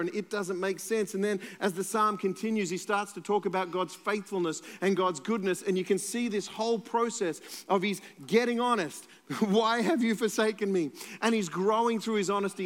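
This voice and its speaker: A man preaching a sermon as pastor, earnest and moving between urgent and hushed delivery. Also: high voice. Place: church hall. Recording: long church reverb with faint music.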